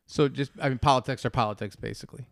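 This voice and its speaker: A man's voice: medium pitch, very fast, creaky, dry recording, studio quality. Teasing man in casual debate. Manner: teasing, mock-formal debater.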